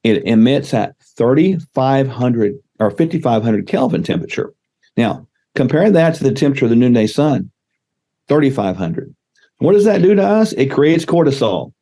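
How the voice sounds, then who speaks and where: A man's voice: medium pitch, mellow. A man speaking as a podcast guest, laying out numbered health advice in an emphatic coaching tone. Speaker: guest doctor. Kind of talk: casual podcast interview.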